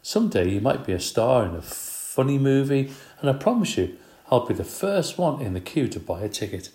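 A man voicing a stern but kind middle-aged female teacher in a storybook reading, firm and measured. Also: mid-range voice, very animated, dark tone, echoey room, voice pushed up, natural voice. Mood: gently firm.

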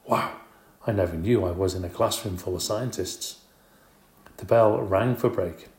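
Low-voiced man reading a storybook. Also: a little slow, a little mellow. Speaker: audiobook narrator. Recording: roomy echo.

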